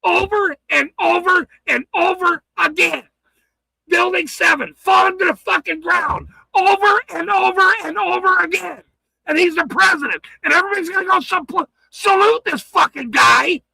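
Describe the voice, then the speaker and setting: An angry man ranting on his livestream, swearing hard, stammering and shouting. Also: extremely high pitch, moderate pace, creaky, no room sound, low-quality recording. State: furious.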